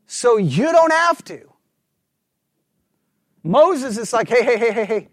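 A man preaching a sermon, asking the congregation questions and swinging between fervent emphasis and hushed asides. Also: very high-pitched, takes it slowly, pauses often, no echo, clean studio sound. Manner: animated preaching, rhetorical questions, drops to a hush for asides. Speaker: pastor.

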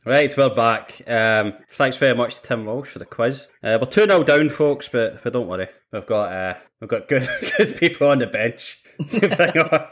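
A man's voice: medium pitch, animated, normal speed, fairly bright tone. A man hosting a casual football podcast, rambling and laughing often. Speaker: podcast host.

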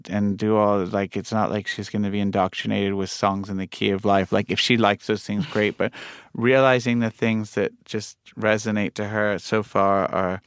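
A man's voice: on the low side, smooth, dry recording. A man with a mixed English and New York accent, a music producer talking casually as a guest and rambling with lots of "like" fillers. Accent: mix of English and New York. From England. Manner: rambling, heavy use of "like" fillers. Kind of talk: casual conversation.

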